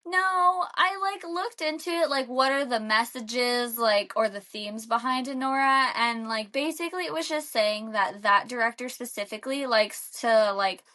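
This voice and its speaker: Retelling a film on a podcast she co-hosts, a young woman rambles casually, using "like" constantly. Her fairly high voice is bright and forceful, at a moderate pace with hardly any pauses.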